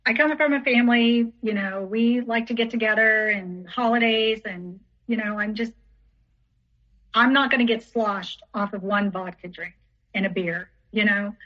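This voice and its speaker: A woman's voice: fairly high pitch, normal speed, dull audio. A woman telling a story as a podcast guest in casual, rambling speech full of "like" and "you know".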